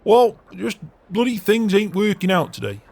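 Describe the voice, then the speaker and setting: A man's voice: high voice, sing-song, moderate pace, a little mellow, exaggerated voice. A man playing a grumpy, foul-mouthed middle-aged farmer in a farming game role-play. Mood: grumbling. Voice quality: raspy, gruff and swearing.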